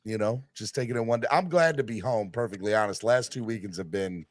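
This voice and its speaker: A man from North Carolina with a Southern accent, hosting a casual call-in sports chat, chummy and animated. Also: quick pace. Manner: animated, chummy, drifts from loud to low. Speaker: podcast host.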